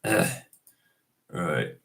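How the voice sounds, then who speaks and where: A man's voice: drawn-out words, a bit bright. A man getting over a cold talks casually in a tribute, hesitant and full of fillers and restarts. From Scotland. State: recovering from a cold, coughing. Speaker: video host.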